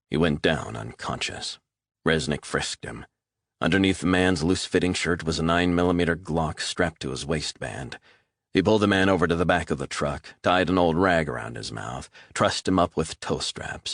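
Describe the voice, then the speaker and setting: A man reading a thriller audiobook as narrator, steady and measured. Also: a bass voice, no room sound, clean studio sound. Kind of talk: scripted narration.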